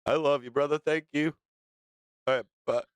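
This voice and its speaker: Dude hosting his stream, swears nonstop, lots of ums, smooth resonant voice, dead dry sound. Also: on the high side, steady tone, no echo. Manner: heavy swearing, halting with many fillers. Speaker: livestream show host. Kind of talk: unscripted livestream talk.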